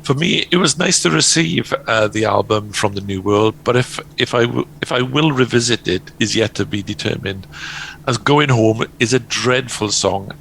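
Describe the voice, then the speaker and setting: A man reads out his album review in a low voice with a gravelly edge. He stumbles and corrects himself along the way. Faint noise sits behind the voice. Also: a bit bright, rough recording. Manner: halting, stumbles over words. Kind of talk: reading a prepared review.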